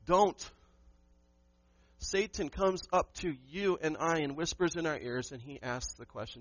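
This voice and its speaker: A pastor delivers a Sunday sermon with emphatic punches and rhetorical questions thrown to his congregation. His voice sits a touch high for a man. The sound is dry and slightly dull, with no room ring. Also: unhurried, fairly bright tone, no echo.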